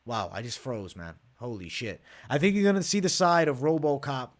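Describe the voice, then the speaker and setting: A man's voice: mid-range voice, lively intonation, normal speed. Brash, profane young man hosting a live stream. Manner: brash, profane, hyped, reads chat aloud. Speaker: MMA livestream host. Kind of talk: casual live betting breakdown.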